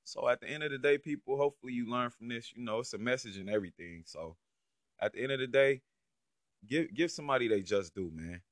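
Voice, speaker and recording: A man's voice: medium pitch, fast talker, no echo. A man giving casual, profane reaction commentary on a clip, incredulous and heavy on slang. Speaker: online commentator.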